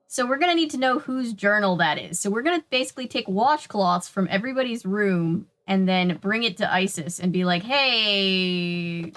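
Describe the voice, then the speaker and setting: A woman's voice: mid-range voice, a bit bright. A young woman giving casual, jokey commentary while playing a detective game. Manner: chatty, offhand, jokey. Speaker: gaming YouTuber.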